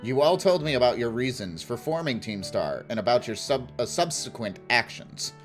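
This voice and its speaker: A man's voice: medium pitch, expressive, normal speed, faint music behind, lightly acted. A man voicing a formal, old-fashioned male school director while reading game dialogue aloud.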